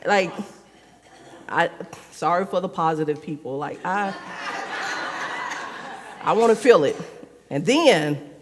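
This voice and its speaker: A woman's voice: lowish voice, lively intonation, slow, long pauses. Chatty woman preaching in an echoing church. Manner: chatty, fills speech with "like", laughs often. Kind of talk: conversational sermon. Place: church sanctuary. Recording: reverberant church hall.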